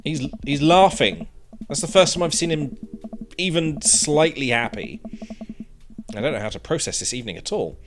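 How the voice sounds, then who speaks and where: A man's voice: a little high, expressive, moderate pace, pauses often, music in the background. Swearing, joking man playing a game. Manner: laughing, joking, swears freely. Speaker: gaming YouTuber. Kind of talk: game playthrough commentary with read-aloud dialogue.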